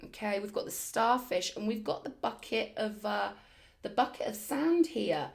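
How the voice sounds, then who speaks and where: A woman's voice: medium pitch, moderate pace, creaky, noisy background. A woman doing a spiritual tarot reading, talking in emphatic, affirming bursts and repeating phrases for effect. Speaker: tarot reader.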